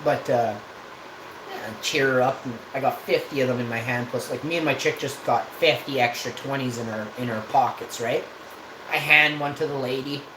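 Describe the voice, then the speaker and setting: A man's voice: medium pitch, moderate pace. A man, a live streamer telling a casual, rambling and profane story. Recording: echoey room with background noise.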